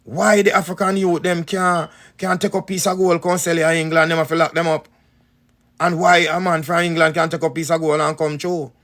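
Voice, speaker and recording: A man's voice: fairly high pitch, level tone, brisk, a bit bright. A Jamaican man giving an emphatic preaching talk, full of repeated rhetorical questions. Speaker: spiritual teacher.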